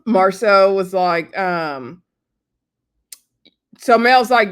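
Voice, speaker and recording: A woman's voice: medium pitch, measured pace, fairly bright tone, clear, resonant tone. Chatty woman recapping a reality show. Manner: chatty and rambling, acts out quotes. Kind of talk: casual recap chat.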